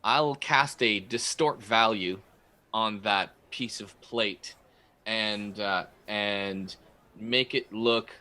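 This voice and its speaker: A man playing a tabletop game who reads out a spell description quickly. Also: on the low side, sharp tone. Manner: reads rules text fast and plainly. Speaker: player. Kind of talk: tabletop game player, reading spell text.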